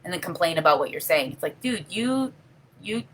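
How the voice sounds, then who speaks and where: A middle-aged woman with a lowish, somewhat bright voice speaks animatedly and fairly quickly, with slight background noise. As host of a casual live video, she responds to viewer comments in an earnest, heartfelt, rambling manner, full of "you know."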